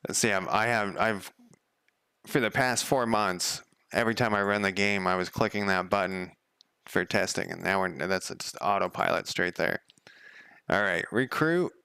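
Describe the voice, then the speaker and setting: A man's voice: sits low, normal speed, creaky, pushed and bright, clear, resonant tone, no echo. A man developing a game on a live stream, chatting casually and rambling off on tangents as he thinks aloud. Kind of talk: casual live coding chat.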